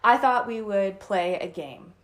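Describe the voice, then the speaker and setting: A woman co-hosting a relaxed podcast with her husband. She teases him cheerfully and laughs easily, her voice pitched in the middle for a woman. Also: measured pace. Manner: cheerful, laughs often, teasing. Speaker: podcast co-host. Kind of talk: casual chat.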